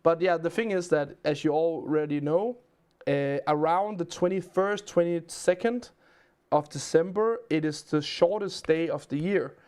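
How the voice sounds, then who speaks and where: A man's voice: a little high, unhurried, a little mellow, clear, resonant tone. A man from Denmark with a Danish accent, a livestream host telling rambling stories and answering chat questions in casual chat.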